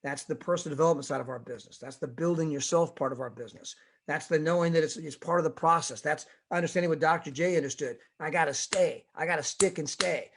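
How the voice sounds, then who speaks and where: A middle-aged man gives a motivational talk in the style of a sermon, with a voice pitched a bit high. He tells stories, keeps checking in with "right?", and builds to exhorting peaks. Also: quick pace, hardly any pauses, fairly bright tone. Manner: storytelling with frequent tag questions; exhorting, rising emphasis. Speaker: motivational speaker.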